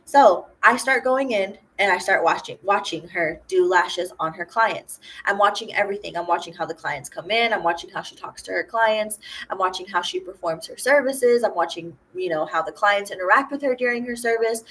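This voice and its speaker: A young woman talks straight to the camera in a relaxed storytime vlog. She rambles in an easy, chatty way, slipping into quoted voices of the people in her story. Her pitch sits in a middle range for a woman. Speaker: lash artist vlogger.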